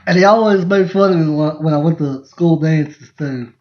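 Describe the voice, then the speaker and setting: Slightly high and at normal speed, this man's voice comes from a podcast host on a relaxed live stream. His family stories ramble, he laughs often and breaks off to restart sentences, all captured in dull, lo-fi audio.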